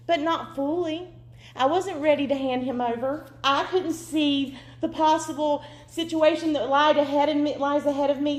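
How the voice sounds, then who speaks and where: A woman in her thirties gives an emotional, earnest sermon testimony. Her voice sits high. The sound carries the echo of a large room. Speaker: preacher. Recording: echoey room.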